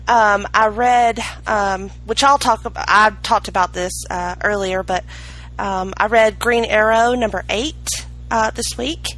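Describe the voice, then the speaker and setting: Woman, podcast co-host, slow unhurried delivery, hesitant, rambling, lots of ums. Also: medium pitch, fairly bright tone, poor audio. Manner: hesitant, rambling, filler-heavy.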